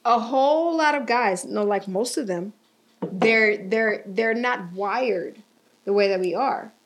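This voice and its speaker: A young woman hosting a podcast, chatting casually in an animated, rambling way, laughing often and swearing now and then. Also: mid-range voice, slow pace. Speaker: podcast host. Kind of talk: casual chat.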